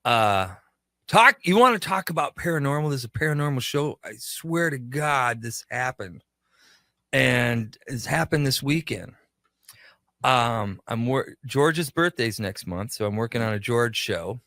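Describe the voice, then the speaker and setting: A man spins a long story in a radio studio, voicing the back-and-forth himself. His voice sits at an ordinary pitch and is recorded dry and close. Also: measured pace, no echo. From Minnesota. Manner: animated anecdotes, acting out dialogue. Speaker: radio show creator and guest. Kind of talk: casual storytelling.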